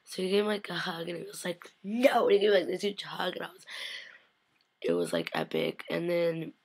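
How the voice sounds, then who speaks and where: A slightly sick young vlogger recaps a fan convention in a lowish, fry-heavy voice at normal speed. Very animated, she gushes, says "like" constantly, and jumps into quick impressions of the people she met, acting out quotes in shifting voices.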